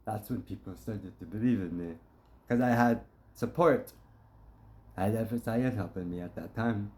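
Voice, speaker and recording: A man's voice: lowish voice, moderate pace, darkish tone. A man telling a story to his supporters in a blunt, profane, impassioned monologue, acting out the dialogue. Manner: blunt and profane, acts out quotes.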